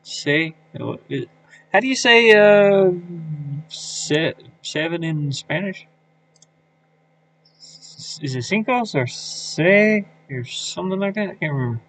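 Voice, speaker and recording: Slow, mumbling man thinking aloud. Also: a little high, a bit bright. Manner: muttering to himself, thinking aloud with fillers. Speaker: streamer. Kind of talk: casual live-stream commentary while working. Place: his van.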